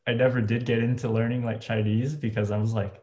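A man hosting a podcast, talking in a relaxed, informal and chatty way. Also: mid-range voice, fast talker, highs cut off. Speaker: podcast host. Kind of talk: casual chat. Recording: roomy echo.

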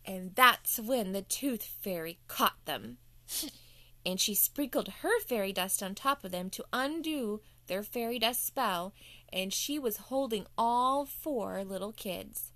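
A woman's voice: mid-range voice, animated, slow, sharp tone, no echo. A woman telling a playful bedtime story to children as the show's host.

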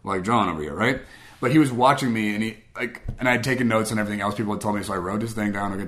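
A man's voice: fairly low pitch, very fast, fairly bright tone. A man from Guam telling a personal faith story in a casual, conversational way, often acting out what people said. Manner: conversational, acts out quoted dialogue, frequent "like" and "I was like". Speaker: speaker sharing a personal testimony.

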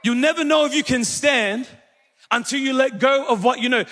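A male pastor preaches to his congregation, telling a story with lively energy and calling out questions to the room. His voice sits unusually high. The sound rings with the long reverb of a church hall. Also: moderate pace. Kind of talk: sermon with storytelling.

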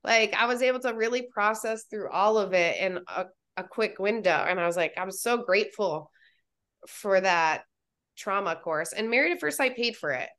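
A woman guest on a podcast, telling stories in a casual, animated way, acting out what she and others said and often saying "like". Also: mid-range voice, normal speed. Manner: animated storytelling, acting out her own quotes, frequent "like". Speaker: podcast guest, reality show participant.

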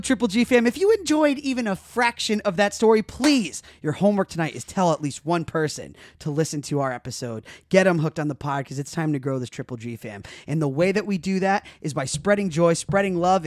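A man hosting a podcast in a studio, telling stories in a lively, profane way and acting out the scenes. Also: sits high, no echo. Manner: animated, profane, acts out scenes. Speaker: podcast host. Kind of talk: casual podcast storytelling.

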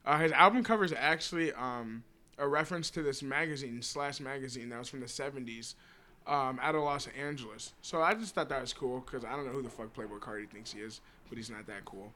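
A man's voice: medium pitch, fairly quick, bright, forceful tone, slight background noise. A man co-hosting a casual podcast, joking around and swearing freely as he talks music. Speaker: podcast co-host. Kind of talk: casual chat. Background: music playing.

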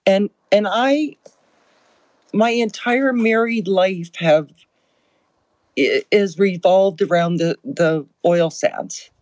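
An older woman calls in to a talk show and speaks slowly and emphatically. She sounds upset as she makes her point. The sound is dry and close. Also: medium pitch, a little mellow, no echo, low-quality recording. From Alberta, Canada. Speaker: caller. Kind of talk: emotional call-in comment.

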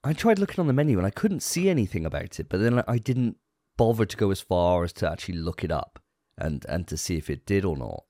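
Chatty man with lively pitch. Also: fast talker, no echo, clean studio sound. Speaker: podcast co-host. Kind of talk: casual gaming podcast chat.

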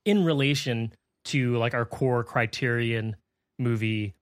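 A man hosts a podcast with a cheerful, promotional manner, stretching some words as he teases what's coming next. His voice sits at an ordinary pitch, recorded dry and close. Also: unhurried, no room sound. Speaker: podcast host. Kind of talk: casual chat.

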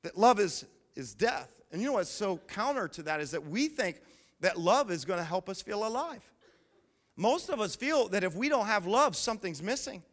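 Pastor guy preaching, high bright voice, jokey, punchy delivery. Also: sing-song. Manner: playful, punchy preaching with slow emphatic repeats. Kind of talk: sermon.

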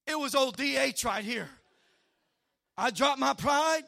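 A middle-aged man, a pastor preaching a sermon, telling a personal story in an animated way and often repeating his words. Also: extremely high pitch, unhurried, gravelly, long pauses.

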